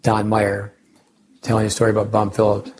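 A man's voice: on the low side, completely flat delivery, moderate pace, a little mellow, slight background noise. An older man, a tennis coach hosting a podcast, talking casually and rambling through coaching lessons and side stories. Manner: rambling, anecdotal, with restarts and sidebars.

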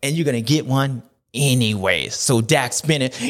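A man's voice: medium pitch, lively intonation, moderate pace, fairly bright tone. A man hosting a race recap show, riffing in playful slang and repeating his catchphrases. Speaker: host of a supercross recap show. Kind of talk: animated casual commentary.

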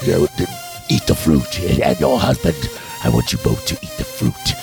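A man voicing a growling, crude male devil, the monstrous kind from the movies, with booming menace. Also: huge pitch swings, moderate pace, creaky, music in the background, exaggerated voice. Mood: menacing.

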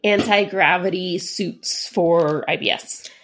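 A woman's voice: fairly low pitch, slow pace, creaky, a bit bright. A woman co-hosting a casual podcast with a sick voice. She rambles along and fills her talk with "like". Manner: rambling, filler-heavy, lots of "like". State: sick, hoarse voice. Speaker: podcast co-host.

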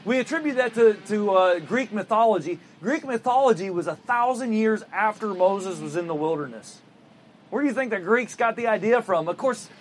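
A man's voice: sits high, a little hiss or hum. A man preaching a sermon in a conversational storytelling way, asking the audience rhetorical questions. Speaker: pastor.

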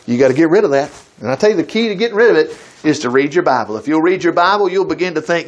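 A man preaching a sermon, reading Bible verses slowly and breaking off for folksy, exclamatory comments. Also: a little high, expressive. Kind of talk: sermon reading scripture aloud.

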